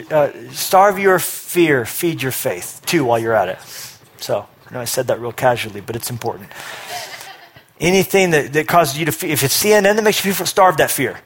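A middle-aged man preaching a sermon, energetic, rising to forceful emphasis with quick asides. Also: mid-range voice. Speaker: pastor.

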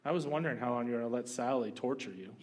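A kindly grandmother speaking softly and gently, voiced by a male preacher in his sermon. Her words come quiet and forgiving, in a plain everyday voice rather than a full character voice. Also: mid-range voice, racing, a little hiss or hum, close to an everyday voice. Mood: tender. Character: kindly soft-spoken grandmother.

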